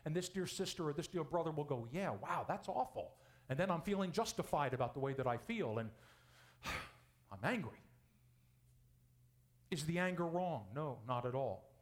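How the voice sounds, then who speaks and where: Male pastor, fairly high voice, preaching with big swings in pitch and volume. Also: expressive, fairly quick. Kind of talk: sermon.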